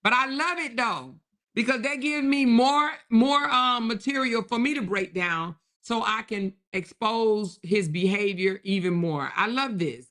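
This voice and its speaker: A woman's voice: a little high, a little slow. A woman hosting a live stream, commenting sassily and reading chat messages while calling viewers "baby" and "honey," with frequent laughter. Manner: sassy, animated, peppered with endearments; laughs often between remarks. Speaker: host.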